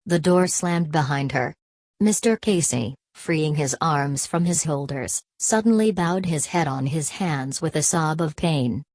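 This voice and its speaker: Low-voiced woman narrating a novel. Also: unhurried, a little mellow, dry recording. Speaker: audiobook narrator. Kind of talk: scripted narration.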